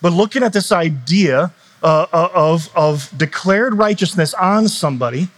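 Middle-aged male pastor, slightly high voice, chatty sermon delivery with restarts. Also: animated, normal speed. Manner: conversational preaching with frequent restarts and fillers.

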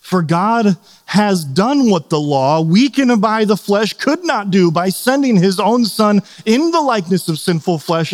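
A man preaching a sermon as pastor, earnest and animated, sometimes acting out quoted voices. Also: high-pitched, in a large hall.

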